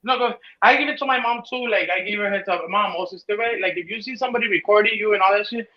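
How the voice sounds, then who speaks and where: A man's voice: high voice, quick pace, highs cut off. A laid-back man in casual chat, blunt and swearing freely.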